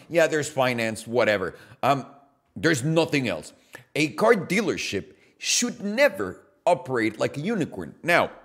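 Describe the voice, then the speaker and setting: A man hosting a podcast, giving an animated, casual opinion monologue with swearing and jokey asides. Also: mid-range voice. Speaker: podcast host.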